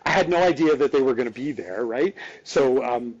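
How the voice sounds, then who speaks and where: Man, fifties, podcast guest, excitable storyteller, frequent restarts, slightly muffled audio. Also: medium pitch, normal speed. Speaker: podcast guest, dance dad. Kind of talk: casual storytelling chat.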